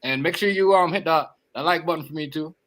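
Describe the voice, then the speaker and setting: A man's voice: fairly high pitch, a little fast, fairly bright tone, rough recording. A man hosts a laid-back podcast conversation. His talk is loose and rambling, and he circles back over the same phrases again and again. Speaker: podcast host. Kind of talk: casual chat.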